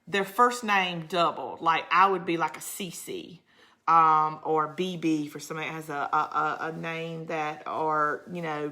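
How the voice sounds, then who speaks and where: This crafting channel host, a middle-aged Georgia woman with a Southern accent, has a voice that sits low yet sounds pushed and bright. Chatty and rambling, she tells family stories, reads viewer comments on her casual livestream, and laughs a lot.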